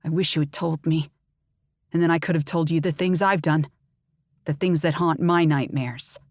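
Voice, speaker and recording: A woman voicing an earnest young faerie man who refuses to fight, speaking low and quietly. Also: fairly even intonation, normal speed, dry recording, clean studio sound. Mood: pleading.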